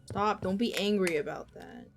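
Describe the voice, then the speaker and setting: A woman streams a horror game, chatting to her viewers in a medium-pitched voice with vocal fry at a normal speed. She's jumpy and swears as she talks, and background noise can be heard.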